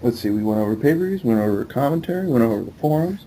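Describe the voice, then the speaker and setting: A man's voice: mid-range voice, lively intonation, quick pace, warm tone, slight background noise, low-quality recording. A man hosting a podcast in a loose, rambling casual chat with many fillers. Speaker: podcast host.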